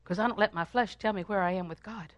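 An older woman with a medium-pitched voice speaks fast while teaching a Bible lesson in a fervent sermon style. She breaks into song and prayer, swinging between loud praise and quiet asides. There's no echo, and the highs are cut off.

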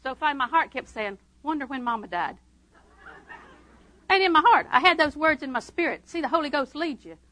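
A woman delivers a sermon in a high, bright, tense voice. She tells stories with a humorous, conversational touch. She drops to quiet asides, then rises to loud proclamation. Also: animated, fast, few pauses, rough recording. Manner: storytelling, swings between hushed asides and loud proclaiming. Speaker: preacher.

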